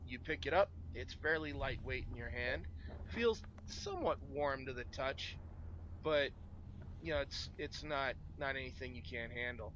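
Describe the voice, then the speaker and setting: A man narrating as game master of a tabletop game, relaxed and rambling with many ums, on a muffled recording with steady noise. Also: mid-range voice, moderate pace.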